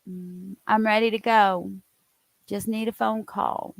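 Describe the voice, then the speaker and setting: A woman's voice: medium pitch, fairly even intonation, slow, creaky, dry recording. A woman chatting casually on a live stream, reacting aloud and laughing.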